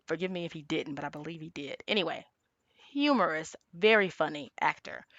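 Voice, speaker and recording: A woman's voice: low-pitched, fairly quick, fairly bright tone, no echo, lo-fi sound. A woman giving a casual tarot reading, talking chattily and with emphasis, sometimes acting out quoted lines. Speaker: tarot reader.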